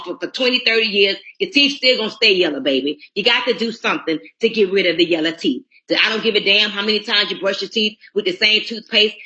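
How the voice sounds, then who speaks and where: Woman, bright forceful voice, blunt preachy sales pitch over a dull phone-call line. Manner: blunt, preachy, talks straight to listeners. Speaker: network marketing recruiter.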